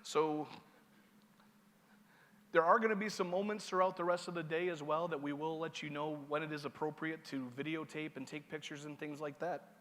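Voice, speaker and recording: Male MC, casual and joking with the audience, slightly high voice, large hall reverb. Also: flat delivery, moderate pace, fairly bright tone. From Seneca Nation. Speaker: master of ceremonies. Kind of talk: conference opening remarks.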